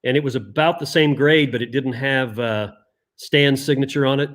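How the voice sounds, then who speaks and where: A man's voice: medium pitch, normal speed, a bit bright. A man in his fifties co-hosting a casual chat, telling rambling stories with chuckles. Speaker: co-host. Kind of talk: casual chat about comic collecting.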